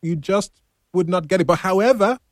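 A radio co-host, running a call-in game with lively, encouraging patter. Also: mid-range voice, normal speed, no echo, clean studio sound. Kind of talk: casual radio call-in chat.

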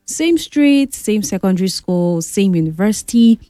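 Animated woman telling a story. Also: medium pitch, normal speed, dry recording, clean studio sound. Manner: animated, dramatic, chatty. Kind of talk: casual storytelling to camera.

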